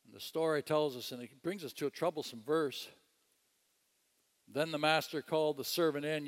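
A man preaching a sermon, telling a story with animated delivery, chuckling and repeating phrases. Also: fairly high pitch, normal speed, pauses often, big-room sound.

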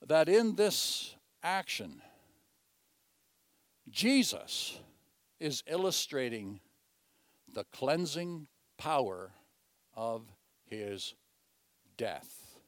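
A man preaching a sermon, earnestly swinging between loud emphatic lines and quiet, hushed asides, often repeating phrases as he teaches. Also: on the high side, dry recording, studio quality. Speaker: pastor.

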